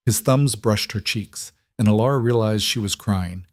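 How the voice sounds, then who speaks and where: A man narrating a fantasy romance audiobook in a steady storytelling way. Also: fairly low pitch, moderate pace, hardly any pauses, no echo, studio quality.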